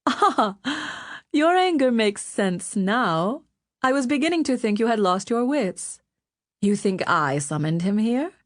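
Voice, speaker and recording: Audiobook reader as a proud queen mother, calm and scornful, unhurried. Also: medium pitch, no echo, clean studio sound, natural voice. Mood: cool scorn. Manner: patient, cool, scornful.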